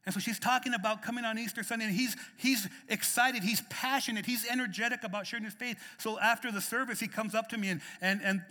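A man's voice: high voice, fairly even intonation, quick pace, hardly any pauses, bright, forceful tone, big-room sound. A middle-aged male pastor preaching a sermon in a church, emphatic and repeating words as he starts phrases. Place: church sanctuary.

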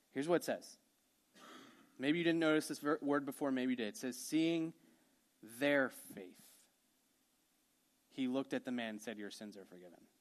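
A man with a slightly high voice delivers a casual, storytelling sermon. He talks to the congregation directly, dropping asides and filler words as he retells the scene with energy. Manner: conversational, animated storytelling with frequent "like" and "okay". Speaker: pastor.

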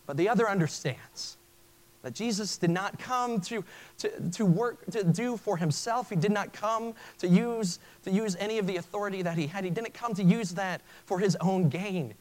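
A man's voice: sits high, moderate pace, rough recording. A male pastor preaching a sermon in an earnest way, often stopping and restarting his phrases. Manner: earnest, with frequent stammered restarts.

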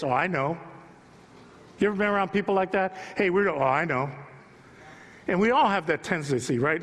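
A male pastor preaches emphatically in a church sanctuary, pausing for chatty asides with the congregation. His voice is high, and the sound is that of a big room.

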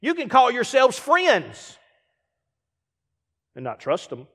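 High-voiced preacher in a reverberant hall. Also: male voice, slow pace, breathy edge. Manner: animated preaching with acted-out asides and rhetorical questions. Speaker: guest preacher. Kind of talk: sermon.

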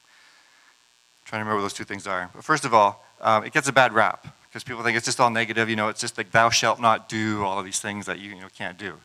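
A man's voice: fairly low pitch, steady tone, quick pace, bright, forceful tone, rough recording. A man preaching a sermon, retelling scripture stories in a conversational way with casual asides.

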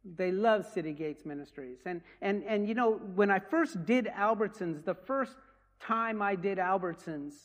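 High-voiced man preaching in a reverberant hall. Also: animated, measured pace. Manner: earnest storytelling with many restarts. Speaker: ministry leader. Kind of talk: testimony talk to a congregation.

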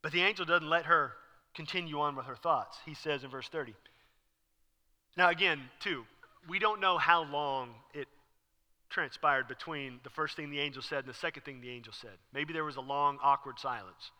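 A man preaching a sermon as pastor, talking casually and acting out the scene with sudden loud bursts. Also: a little high, normal speed. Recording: long reverb hall.

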